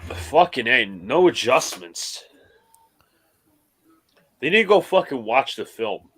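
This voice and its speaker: A man's voice: mid-range voice, very animated, slow pace, fairly bright tone, husky. A man co-hosting a live game watch-along who talks bluntly and swears in frustration. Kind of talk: casual fan chat.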